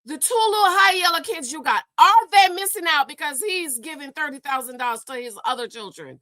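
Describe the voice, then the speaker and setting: A woman's voice: sits high, expressive, brisk, hardly any pauses, pushed and bright, no echo. A woman hosting a gossip commentary show, exasperated and scolding, stammering and repeating herself as she rants. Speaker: host.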